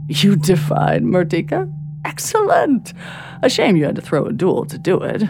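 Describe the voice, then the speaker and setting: A woman's voice: on the low side, wildly swooping pitch, normal speed, gravelly, noisy background, heavily acted. Woman voicing a proud old warrior-lord spirit. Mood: gleeful. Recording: soft music bed under reading.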